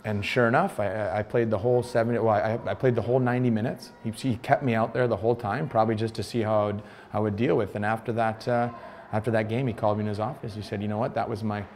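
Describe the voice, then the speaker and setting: A man's voice: on the low side, fast talker, a little hiss or hum. An American man in his thirties, a former pro soccer player, recounting his story in an interview and acting out the dialogue he quotes. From United States. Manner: animated retelling, acts out quoted dialogue.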